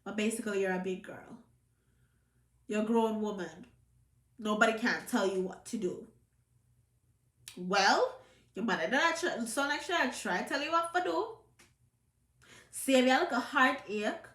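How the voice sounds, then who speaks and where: A woman's voice: fairly high pitch, a little slow, long pauses, fairly bright tone, reverberant. A Jamaican woman with a trace of a British accent, giving an emphatic, scolding commentary to camera in patois. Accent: Jamaican, with some British. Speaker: vlogger.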